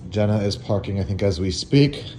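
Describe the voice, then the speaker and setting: A man's voice: on the low side, fairly quick, warm tone. A man hosting a casual travel vlog, upbeat and chatty, laughing often. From Florida. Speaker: vlog host.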